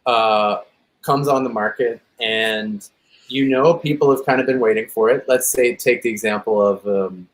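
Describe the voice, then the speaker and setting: A man's voice: fairly low pitch, normal speed, poor audio. Thoughtful man talking casually. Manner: thoughtful, searching for words, repeats phrases. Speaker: podcast host. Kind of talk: casual conversation.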